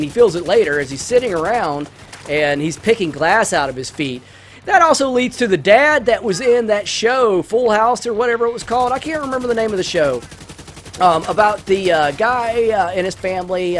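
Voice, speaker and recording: A man's voice: sits high, a little hiss or hum. A man hosting a let's-play, chatting casually through a movie review in a rambling way with many restarts.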